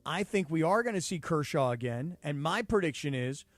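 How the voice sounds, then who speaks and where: A man's voice: on the high side, lively intonation, normal speed, no room sound. A man co-hosting a sports radio show, confidently giving his opinions and predictions in casual banter. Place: radio studio.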